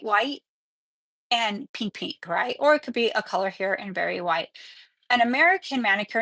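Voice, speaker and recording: A woman's voice: a little high, a bit bright, no room sound, low-quality recording. A middle-aged woman teaching nails on a livestream, chatty and upbeat, talking as she works. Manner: chatty, upbeat, talks while working. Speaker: nail instructor. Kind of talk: livestreamed nail tutorial.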